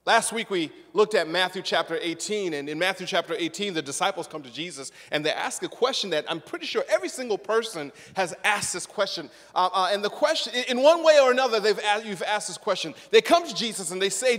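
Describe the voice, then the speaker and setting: A middle-aged man from Zimbabwe preaches a sermon, his voice set high. He is animated, acts out little quotes, and stumbles and repeats words as he builds. The sound carries a long hall reverb. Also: fairly quick, few pauses. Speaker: pastor. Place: church sanctuary.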